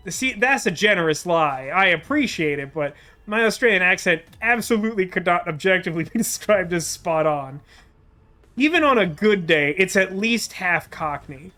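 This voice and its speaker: A man's voice: high-pitched, animated, normal speed, bright, forceful tone, faint music behind. A man streaming a game, chatting casually and reading its dialogue aloud in a playful, self-deprecating way. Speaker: let's play streamer.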